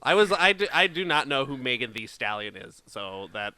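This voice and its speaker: A man's voice: medium pitch, very animated, normal speed, sharp tone, dry recording. A man co-hosting a casual podcast, joking with playful wordplay. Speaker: podcast co-host. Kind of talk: casual chat.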